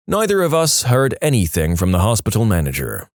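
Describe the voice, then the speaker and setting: A man reads reddit stories aloud, his pitch swinging through an animated delivery. He uses a lively, mocking storytelling manner. The recording is dry and close. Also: brisk, few pauses, dry recording. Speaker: narrator.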